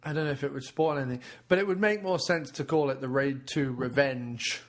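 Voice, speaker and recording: Bloke co-host, crude film banter, sweary and quick-witted. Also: male voice, medium pitch. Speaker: podcast co-host. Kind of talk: casual film commentary chat.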